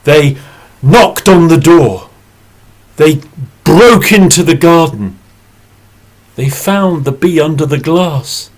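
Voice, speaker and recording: Slow, expressive storyteller man. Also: a little high, low-quality recording. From England. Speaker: storyteller and English teacher. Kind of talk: oral storytelling.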